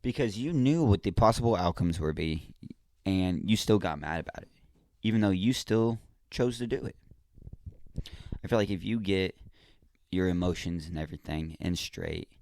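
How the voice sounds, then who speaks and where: A man hosting a podcast, talking casually and straight to the listener in a relaxed, slangy monologue. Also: deep voice, normal speed, dry recording, studio quality. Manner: laid-back, slangy, talks straight to the listener. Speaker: podcast host.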